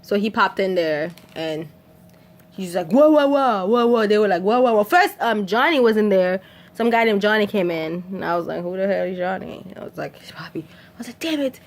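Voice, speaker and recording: A woman's voice: mid-range voice, fairly quick. A woman from Haiti casually retelling a film scene by scene, laughing often and acting out the characters' lines. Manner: animated, laughs often, acts out quotes in whispers and shrieks. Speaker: vlogger recapping a film. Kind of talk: casual storytelling recap.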